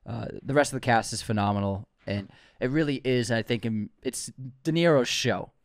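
A man's voice: mid-range voice, normal speed, no echo, clean studio sound. Enthusiastic teasing male podcast co-host. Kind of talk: casual chat.

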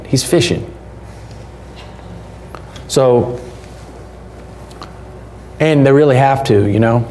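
Male pastor, relaxed warm sermon delivery, faint noise in the church recording. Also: medium pitch. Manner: conversational, folksy, rhetorical questions.

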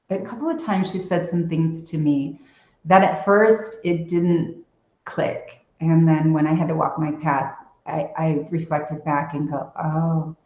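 A woman's voice: sits low, darkish tone, roomy sound, lo-fi sound. A woman guest on a podcast, telling personal stories in a reflective, casual way with many fillers. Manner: reflective storytelling with frequent fillers. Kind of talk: casual conversational interview.

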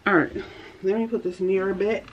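A young woman vlogging casually at home, chatting straight to her viewers in a relaxed way. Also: medium pitch, brisk, dull audio, background noise. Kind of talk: casual vlog chat. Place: home, indoors.

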